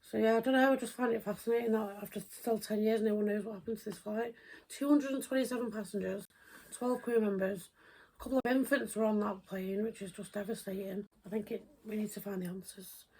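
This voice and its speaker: A woman co-hosting a podcast in casual chat, talking earnestly in quick bursts. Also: mid-range voice, steady tone, darkish tone, a little hiss or hum. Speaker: podcast co-host.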